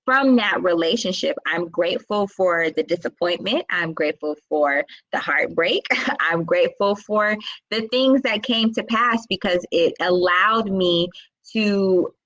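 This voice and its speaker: A woman's voice: on the low side, measured pace, fairly bright tone, no room sound, lo-fi sound. A woman hosting a live wellness session, speaking in a casual, reflective way with many fillers and asides to her viewers. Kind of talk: casual live-stream talk.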